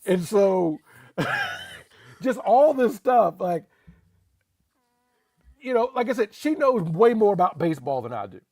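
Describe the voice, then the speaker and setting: A man co-hosting a casual sports talk show, talking in an animated, emphatic way with laughs and repeated phrases. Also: high voice, takes it slowly, pauses often, no echo, studio quality. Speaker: podcast co-host.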